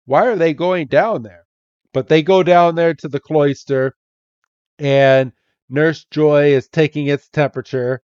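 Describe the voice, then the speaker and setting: A man with a fairly high voice recaps a cartoon at an unhurried pace, dropping into silly voices for the characters. The mic sounds dull and dry, with no room around it. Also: darkish tone, clean tone, dry recording. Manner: acts out characters' lines in goofy voices, laughs often. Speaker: podcast co-host. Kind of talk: casual episode recap.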